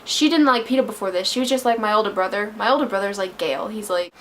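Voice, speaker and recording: A woman's voice: mid-range voice, fast talker, a bit bright, a little hiss or hum. A young woman vlogging a casual movie review, gushing and emotional, her voice close to tears at times. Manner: gushing, emotional, breaks into laughter and near tears. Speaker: book vlogger.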